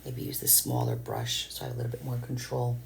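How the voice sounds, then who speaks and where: A woman's voice: a bass voice, sing-song, quick pace, vocal fry, slight background noise. A woman chatting casually on a live stream as she paints, rambling and answering viewers' comments.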